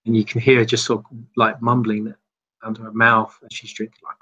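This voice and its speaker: A man's voice: fairly low pitch, monotone, brisk, bright, forceful tone, husky, muffled recording. A man narrating as game master, rambling loosely with many fillers.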